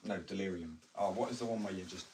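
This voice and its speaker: A man's voice: low-pitched, fast, darkish tone, recorded from a distance, slight background noise, rough recording. A man in casual, rambling live chat, joking and slangy as he talks about addiction. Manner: chatty, joking, slangy, self-interrupting. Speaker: livestreamer talking about addiction.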